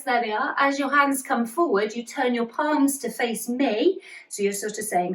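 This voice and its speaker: A woman teaching a dance routine to a class, upbeat and encouraging, slowly chanting the song's lyrics to show where each move lands. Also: on the high side, a bit bright. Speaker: dance instructor. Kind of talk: instructional dance tutorial. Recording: roomy, distant from the mic.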